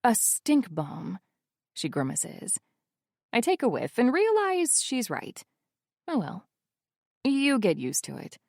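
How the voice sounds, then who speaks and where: A young woman narrating a first-person romance audiobook, wry and intimate, with soft-spoken asides, on a close studio mic. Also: on the high side, wildly swooping pitch, slow, creaky, pauses often, no echo.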